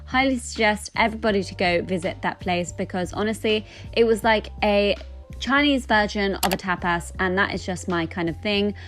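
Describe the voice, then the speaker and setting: A woman's voice: medium pitch, normal speed, a bit bright, soft background music. Chatty young woman vlogging her week. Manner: chatty and upbeat, talks straight to viewers. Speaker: vlogger, radiographer. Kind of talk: casual vlog narration.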